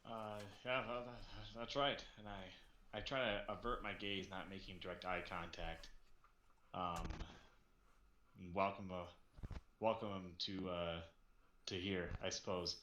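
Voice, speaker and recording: A man with a very low voice plays a tabletop game and stammers his way through his lines. There is a roomy echo and faint noise behind him. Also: fairly even intonation, slow, sharp tone. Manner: hesitant, stammering.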